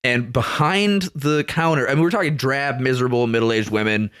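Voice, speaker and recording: Man, podcast co-host, casual chat, profane, animated storyteller, dry close mic. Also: medium pitch, normal speed, clear, resonant tone, no echo.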